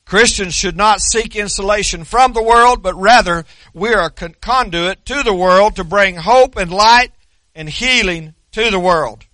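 Male pastor, sermon, high bright voice, folksy dry humor, dry close recording. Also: a little slow, dry recording. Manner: folksy storytelling with dry self-deprecating humor; repeats and restarts words.

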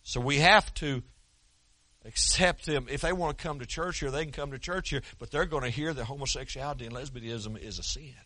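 A man preaching a sermon in a folksy, conversational way with an Oklahoma accent, talking quickly with frequent restarts. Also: mid-range voice, sharp tone, no room sound. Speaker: pastor.

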